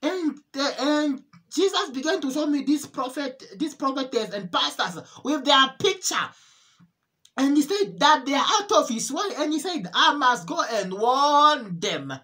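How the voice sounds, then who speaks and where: An earnest woman with a high voice recounts a religious vision as a testimony. She speaks emotionally, repeating and restarting phrases as she goes. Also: very animated, a bit bright. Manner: earnest, repetitive, halting. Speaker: testimony preacher.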